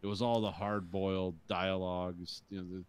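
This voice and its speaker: Low-voiced laid-back man. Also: flat delivery, moderate pace, clear, resonant tone. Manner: laid-back, rambling, profane. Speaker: podcast co-host. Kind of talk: casual movie chat.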